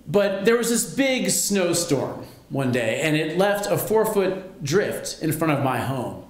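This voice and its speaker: A man telling a personal story on stage at a live storytelling show, wry and lively. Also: a little high, slow, echoey room. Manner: wry, lively, self-mocking.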